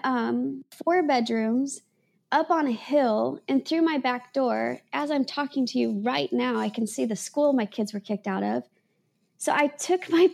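A woman's voice: on the high side, vocal fry, darkish tone. A woman guest on a podcast, earnestly telling a personal story in a rambling way, restarting her sentences and laughing at herself.

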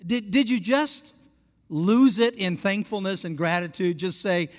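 A male pastor from Alaska telling a story in a sermon. He is animated and asks the congregation questions. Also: sits high, measured pace. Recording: long hall reverb.

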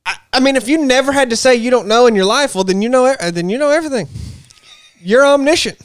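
High-voiced man chatting about faith. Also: fast talker, clean tone, no room sound, clean studio sound. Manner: rambling, self-correcting, joking. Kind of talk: casual faith discussion.

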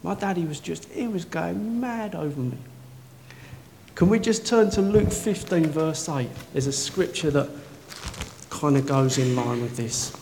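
A man preaching a sermon in a church, telling stories with swings from quiet to loud, wearing a mic. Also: a little high, unhurried, gravelly. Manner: excitable storytelling, swinging from soft to loud. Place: church hall. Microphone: worn mic. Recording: echoey hall, faint noise.

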